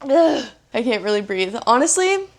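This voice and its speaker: A woman's voice: fairly high pitch, moderate pace, a bit bright. A young woman in her twenties casually reviewing a book at home, with dramatic, sarcastic jokey asides. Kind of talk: casual vlog commentary. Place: at home, bedroom.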